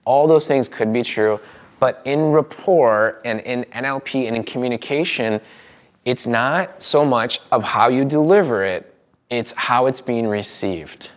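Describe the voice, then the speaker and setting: A man teaching a live seminar as a trainer, energetic and demonstrative, speaking to a room of people with quick asides. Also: medium pitch. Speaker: NLP trainer.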